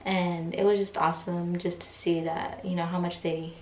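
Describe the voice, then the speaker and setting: A woman's voice: fairly low pitch, level tone, moderate pace, darkish tone, recorded from a distance, a little hiss or hum. A young woman telling a personal story in a casual, chatty way, with many fillers and acted-out quotes. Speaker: vlogger. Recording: echoey room, voice from off mic, faint ambience.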